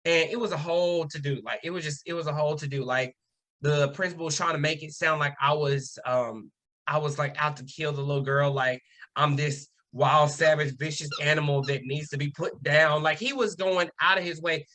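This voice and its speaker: An animated man tells a story in relaxed chat, with a notably high pitch and a bright, forward tone. He slips into the voices of the people he quotes and uses casual slang. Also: moderate pace. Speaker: podcast guest.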